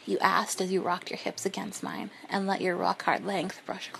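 A woman reading a first-person story in a soft, breathy, unhurried whisper. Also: on the low side, steady tone, slight background noise. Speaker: narrator.

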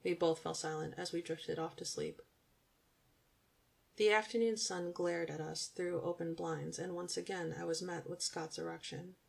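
Young female audiobook narrator, gravelly and on the low side, intimate and even. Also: moderate pace.

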